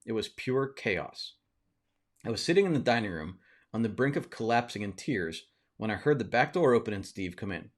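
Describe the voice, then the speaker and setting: A man hosting a live session, reading a book passage aloud in a steady storytelling way, now and then breaking off for offhand asides. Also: lowish voice, normal speed.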